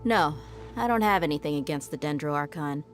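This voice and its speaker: An actress playing a confident, laid-back desert mercenary in a video game. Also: female voice, low-pitched, lively intonation, fairly quick. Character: tough, easygoing desert mercenary woman. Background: game music.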